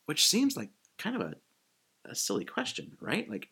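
A man preaching a sermon in a casual, animated way, acting out quick quotes as he goes. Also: on the high side, gravelly, breathy edge. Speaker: pastor.

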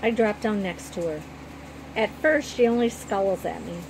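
A woman narrating a children's story in the first person with a gentle, even storytelling manner. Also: mid-range voice, moderate pace, background noise.

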